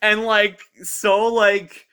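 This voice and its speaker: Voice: medium pitch, flat delivery, drawn-out words, sharp tone, clear, resonant tone. A movie reviewer talking casually and rambling with amusement through the plot, full of fillers and acted-out quotes.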